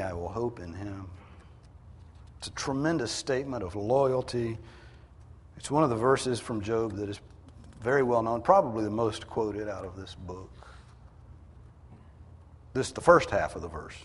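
A man preaching a sermon, emphatic, rising in pitch and force to drive his points home. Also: slightly rough, in a large hall.

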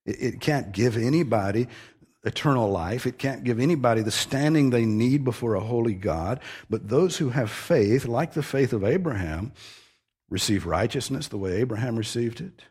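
A man's voice: medium pitch, expressive, normal speed, darkish tone, breathy edge. A man preaching an expository sermon, earnest and emphatic, stressing key phrases as he teaches.

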